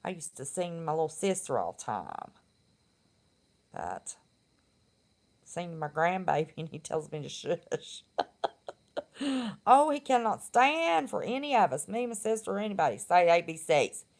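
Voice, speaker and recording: A woman's voice: fairly low pitch, very animated, moderate pace, pauses often. A middle-aged woman, chatting casually and bluntly on her live stream and laughing often. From West Virginia.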